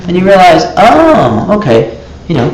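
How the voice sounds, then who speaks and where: A man's voice: sits high, wildly swooping pitch, moderate pace, roomy sound, low-quality recording. A man teaching a live class, telling stories and acting out little dialogues in raised voices.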